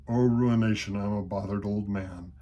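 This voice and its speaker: A man's voice: on the low side, steady tone, normal speed, warm tone, lo-fi sound, lightly acted. A man voicing a flustered, kindly old parson who huffs and exclaims. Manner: huffing, exclaiming. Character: fussy old male parson, flustered and kind.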